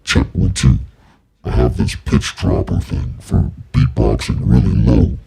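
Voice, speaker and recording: A man speaking casually through a pitch-shift effect that drops his voice very low. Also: expressive, a little slow, gravelly, warm tone, slightly rough. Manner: casual mic check. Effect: pitch shifter dropping the voice very low.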